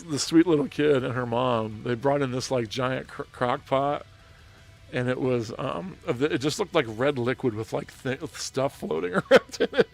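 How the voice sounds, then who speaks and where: A man's voice: mid-range voice, vocal fry. A man hosting a gaming livestream, telling a story in a chatty way with frequent laughter and restarts, with faint music behind him. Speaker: streamer host.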